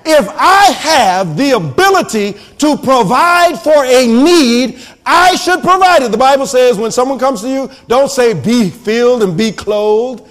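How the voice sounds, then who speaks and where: A man preaching a sermon as a minister, fervent and shouting his points with emphasis. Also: extremely high pitch, expressive, measured pace, few pauses.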